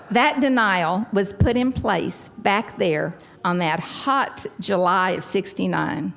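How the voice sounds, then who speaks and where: At a recovery gathering in a large hall, an older Texan woman speaks slowly in a mid-range voice with vocal fry, barely pausing, over slight background noise. With her Texan accent, she tells her personal testimony in an animated way and acts out the quotes.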